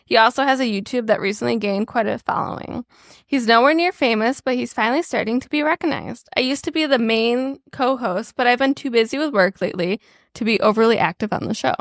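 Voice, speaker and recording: A woman's voice: fairly high pitch, fairly quick, dry recording, clean studio sound. A woman co-hosting a podcast, chatting casually and reading online stories aloud in an amused, conversational way. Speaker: podcast co-host.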